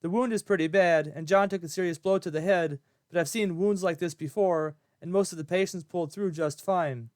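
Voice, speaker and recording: A man voicing a calm, experienced male country doctor who speaks in a steady, reassuring way. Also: high voice, a little fast, hardly any pauses, no echo, clean studio sound, close to an everyday voice.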